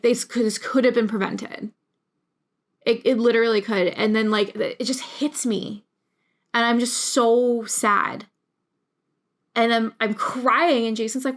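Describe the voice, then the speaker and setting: Young woman vlogger, casual, emotional rambler, gravelly low fry at phrase ends. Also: a bit bright. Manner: rambling, emotional, many restarts. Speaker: YouTube creator. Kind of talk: casual talk to camera.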